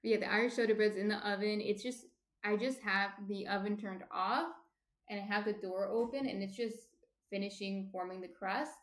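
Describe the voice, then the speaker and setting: A New Jersey woman hosts a casual baking livestream from her echoey home kitchen, speaking at a medium pitch and a little quickly. As she reads viewer comments, she rambles, filling gaps with fillers and restarting her sentences.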